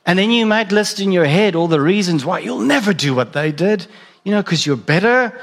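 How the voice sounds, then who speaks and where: A man's voice: high voice, expressive, moderate pace, vocal fry, a bit bright. A man preaching a sermon in a conversational way, asking the listeners direct questions. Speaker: pastor.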